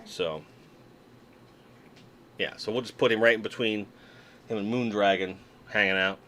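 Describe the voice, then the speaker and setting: A man's voice: fairly low pitch, fairly even intonation, measured pace, pushed and bright, slight background noise. A man hosting a casual livestream from his desk, chatting and joking with viewers while unboxing toys. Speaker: livestream host. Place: home room at a desk.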